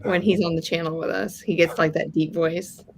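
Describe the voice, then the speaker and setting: A friendly woman chatting on a home sewing livestream, with a somewhat low voice for a woman. She talks casually and easily, greeting viewers and keeping the chat going. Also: fairly even intonation, normal speed, a little hiss or hum.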